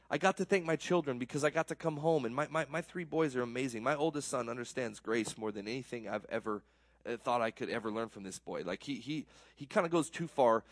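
A man preaching in a plain, mid-pitched voice, speaking earnestly and poking fun at himself. His delivery swings from raised and quick to low and soft, stumbling over repeated words when he gets going. The sound is dry and close, with no room echo. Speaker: pastor. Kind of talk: conversational sermon.

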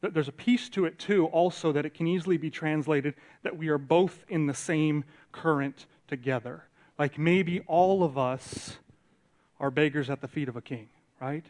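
A pastor in his thirties gives a conversational sermon in a church, his voice sitting a little above the usual male pitch. He talks with his hands in his words, drops low for reflective points and climbs high and loud when he acts out what others say. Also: normal speed. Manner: conversational, animated preaching, acts out quotes. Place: church sanctuary.

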